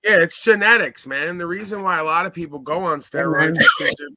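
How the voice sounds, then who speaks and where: A man's voice: on the high side, a little fast, over a noisy crowd. A man with an American accent hosting a casual online talk show, crude and joking.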